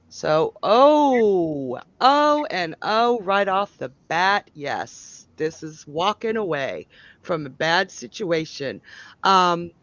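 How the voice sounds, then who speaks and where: Casting: slow-talking, opinionated tarot-reading host on a dull, dry stream mic. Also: medium pitch, a bit bright, dry recording. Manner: chatty, giggly, blunt and opinionated. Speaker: psychic tarot reader and host.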